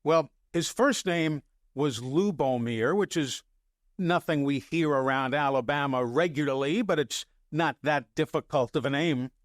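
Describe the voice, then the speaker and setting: An older man who works as a sports broadcaster tells stories casually and with animation, often chuckling. His voice sits somewhat high for a man. The recording is dry and close. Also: unhurried, no echo. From New York area. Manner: animated anecdotes, chuckling, quoting himself. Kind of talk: casual storytelling on a podcast.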